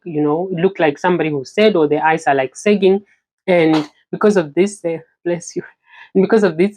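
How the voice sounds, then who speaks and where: A young woman from Namibia talks straight to her camera in an easygoing vlog. Her voice sits a little low, and she chats loosely, filling her sentences with "you know.". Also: a little mellow. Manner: chatty, many "you know" fillers. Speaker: vlogger. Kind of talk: casual talking-to-camera vlog.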